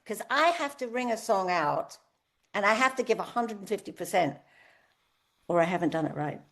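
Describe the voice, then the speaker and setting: A woman in her seventies talking in a candid podcast interview. She tells her stories with life and slips into the voices of people she quotes. Her pitch sits in the middle for a woman. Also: normal speed. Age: 70s. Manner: lively storyteller, acts out quoted voices. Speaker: guest singer.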